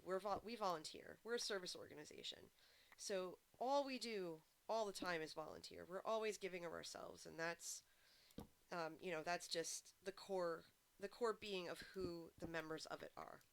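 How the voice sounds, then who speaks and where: A woman game streamer chatting casually to her viewers and telling stories in an animated way. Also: lowish voice, slight background noise. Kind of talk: casual chat. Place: home streaming setup. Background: background music.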